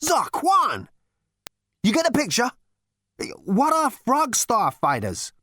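A brash, excitable male ex-president of the galaxy yelps and wisecracks in a high, loud voice. His pitch leaps about wildly. The recording is dry and close. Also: measured pace, no room sound. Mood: excited alarm.

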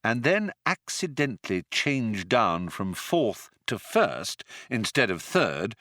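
Slow, bright-voiced male narrator. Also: lowish voice, big pitch swings, no echo, studio quality. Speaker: audiobook narrator. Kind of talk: scripted narration.

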